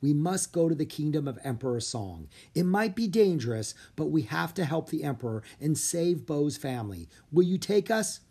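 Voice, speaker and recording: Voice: medium pitch, expressive, moderate pace, hardly any pauses, dark tone, slightly rough. A reader voicing an eager, brave young boy who rides a dragon, earnest and urgent.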